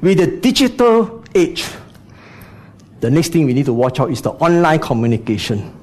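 A man's voice: fairly high pitch, sing-song, moderate pace, darkish tone. A man preaching a sermon, speaking to the congregation with frequent rhetorical questions and "you know" asides.

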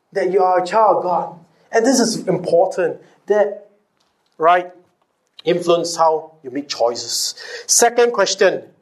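A man preaching a sermon, firing off rhetorical questions, calling back to the congregation and repeating key phrases for emphasis. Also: sits high. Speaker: pastor.

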